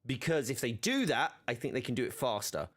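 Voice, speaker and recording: A man's voice: mid-range voice, sing-song, brisk, fairly bright tone. A man streaming a video game, chatting casually with many fillers and restarts. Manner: rambling, filler-heavy, self-correcting.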